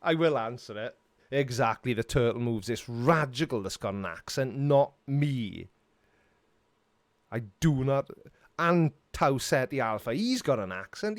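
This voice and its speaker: A man's voice: medium pitch, animated, unhurried, no echo. Chatty Welsh man on a live stream. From Wales. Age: middle-aged. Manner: chatty, self-mocking, reads viewer comments aloud.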